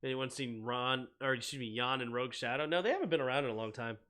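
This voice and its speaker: A young man hosting a live sports stream, mixing casual chat with excitable football play-by-play that climbs to shouting on big plays. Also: medium pitch, quick pace.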